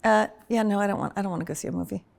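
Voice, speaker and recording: A woman chatting on a podcast, telling personal stories in an animated way with sudden loud vocal bursts. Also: mid-range voice, racing, vocal fry. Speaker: podcast guest, host's wife. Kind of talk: casual personal conversation.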